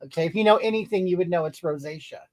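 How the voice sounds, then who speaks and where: Talking very fast in a natural, darkish voice on the low side, a woman plays a brash, thin-skinned middle-aged livestreamer. It's a comedy character reading viewer comments, and she fires back sassy, rambling replies ending in "okay?" and "honey."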